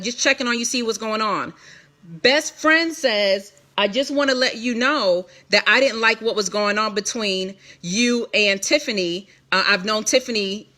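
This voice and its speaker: With a sharp-toned, mid-range voice, a ministry leader addresses her online audience in an emphatic testimony. She's candid and repetitive, frequently restarting her sentences.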